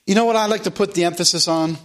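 A man's voice: high-pitched, racing. A man preaching a sermon in an earnest, emphatic way, repeating phrases to drive points home. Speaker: pastor.

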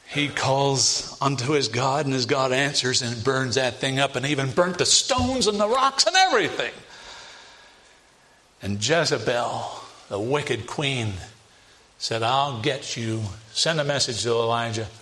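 A man's voice: medium pitch, animated, unhurried, pushed and bright. A man preaching a sermon in an emphatic manner, asking rhetorical questions to his listeners.

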